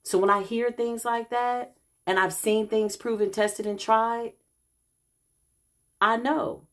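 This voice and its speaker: With a fairly high pitch, she speaks slowly and keeps her tone steady. The speaker, a middle-aged woman who says she's a healer, shares a casual vlog story, performs the people she quotes, and talks to viewers as y'all.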